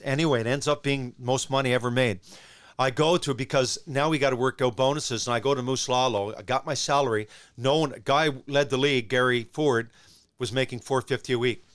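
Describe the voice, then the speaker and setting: A man in his sixties from Newfoundland, a former hockey player who tells stories as a podcast guest in a rambling, animated way with many restarts. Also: fairly high pitch. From Newfoundland, Canada. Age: 60s. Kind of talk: casual storytelling.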